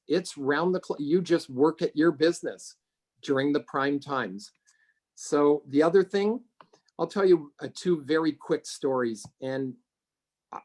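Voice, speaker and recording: A middle-aged man from Canada, a realtor being interviewed, telling stories in a conversational way and acting out quoted voices with big jumps in pitch. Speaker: realtor guest.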